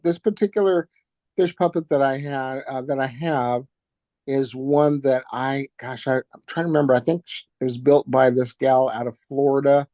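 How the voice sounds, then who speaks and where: A man's voice: medium pitch, mellow, dry recording. A man, a ventriloquist and puppet builder, answering interview questions in a rambling, hesitant way with plenty of fillers.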